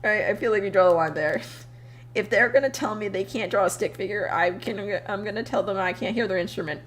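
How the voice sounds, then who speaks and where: A young adult woman streamer chatting casually while she draws, telling animated stories, laughing often and swearing freely. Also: medium pitch, fairly quick, slight background noise. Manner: animated storytelling with voiced quotes.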